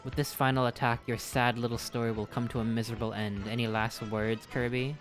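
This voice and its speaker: A man's voice: medium pitch, level tone, fairly quick, over music, close to an everyday voice. A man reading aloud as an arrogant evil knight who was once a childhood doll, in a melodramatic villain delivery. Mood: gloating. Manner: melodramatic villain reading, swings to panicked shouting. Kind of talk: reading game dialogue aloud.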